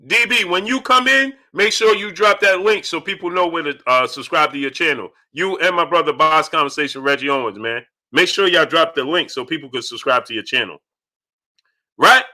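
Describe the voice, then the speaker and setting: Man, high pitch, sharp tense tone, boxing stream host, animated, shouting bursts. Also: brisk. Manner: animated, shouts reenactments, greets chat. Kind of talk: live-stream boxing talk. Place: at home.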